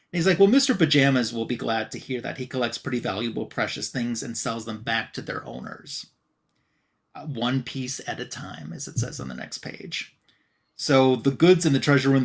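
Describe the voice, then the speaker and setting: A man's voice: mid-range voice, creaky. Male co-host, mid-range voice, walks through a comic story in a loose, filler-heavy retelling. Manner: retells scenes by reading out dialogue with "she's like"; relaxed, frequent "um" and "uh" fillers. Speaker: podcast co-host reviewing comics. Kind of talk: casual comic recap.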